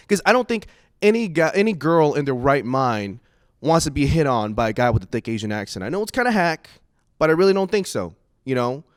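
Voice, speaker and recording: A man doing a stand-up comedy set, telling stories in an animated way and jumping into put-on voices. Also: medium pitch, no room sound, clean studio sound.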